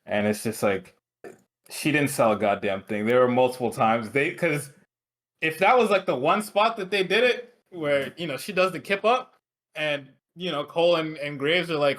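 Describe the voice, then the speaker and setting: A man's voice: a little high, normal speed, fairly bright tone. A man co-hosting a casual talk show, reacting and recapping in a laid-back, profane way. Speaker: podcast co-host.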